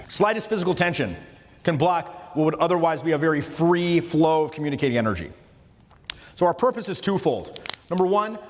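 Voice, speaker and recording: A man coaching social skills in a casual lecture, emphatic and informal, often restarting his phrases. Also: fairly high pitch. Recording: long reverberant room sound.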